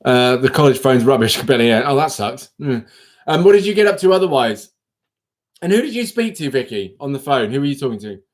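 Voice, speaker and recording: A man hosting a casual livestream, chatting playfully and answering viewers' comments aloud, with sudden high exclamations. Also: big pitch swings, fairly quick. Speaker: livestream host.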